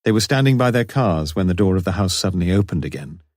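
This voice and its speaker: A man narrating a crime audiobook in a measured, even reading. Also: deep voice, no room sound, studio quality. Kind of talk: scripted narration.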